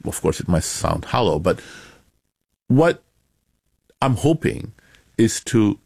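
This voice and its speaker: Academic author guest: deep-voiced man, dry studio sound, steady explanations with sudden emphasis. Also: vocal fry, husky, no echo. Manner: measured, explanatory, lively emphasis. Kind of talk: interview answers.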